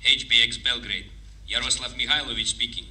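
Brief: a solemn, formal radio contact from abroad, very bright tone, far off the mic. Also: male voice, medium pitch, fairly even intonation, fairly quick. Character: solemn male foreign radio amateur, formal. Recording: distant voice over radio.

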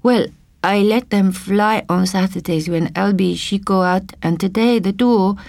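A woman voicing a shy, eager newcomer wife who speaks in halting, broken English. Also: medium pitch, gravelly, darkish tone, no room sound. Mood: eager, flustered.

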